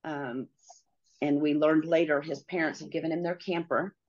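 A middle-aged woman telling a personal story as a guest, earnest and halting, with many pauses and fillers. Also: low-pitched, steady tone, highs cut off.

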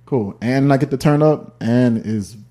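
Speaking a little slowly in a warm, medium-pitched voice, this young man is a percussionist guesting on a podcast. He has a Chicago accent and spins stories in relaxed conversation, frequently laughing and doing impressions of others.

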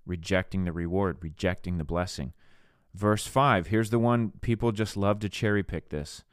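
A man speaks at normal speed in a low, clear, resonant voice, preaching earnestly and casually as a podcast host. He reads scripture, works through it conversationally, and slips into voicing skeptics, captured in a dry, clean studio recording.

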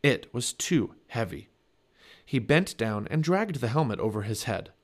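Man, children's book read-aloud, lively rise and fall, mid pitch, expressive narration. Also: a little slow. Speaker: family podcast reader.

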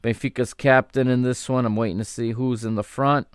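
Male podcast host, mid pitch, relaxed running commentary, dry close sound. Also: brisk, clear, resonant tone, no echo. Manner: chatty, easygoing, corrects himself mid-sentence. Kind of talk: casual match watchalong commentary.

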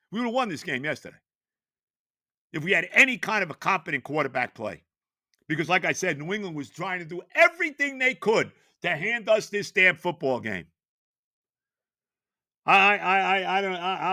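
A man, ranting on his sports podcast, exasperated and stammering, often shouting. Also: high-pitched, sing-song, moderate pace, dry recording. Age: 70s. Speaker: podcast host.

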